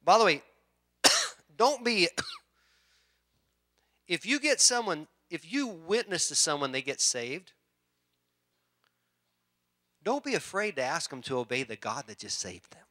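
A middle-aged male pastor gives a sermon in a bright, forceful voice set a little high. He talks in a loose, conversational way, restarting sentences and clearing his throat now and then. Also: very animated, unhurried, pauses often.

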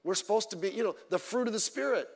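A male pastor preaching a sermon, swinging between loud emphatic lines and low quiet asides, telling stories with humor. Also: fast talker, in a large hall. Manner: informal storytelling with humor. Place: church.

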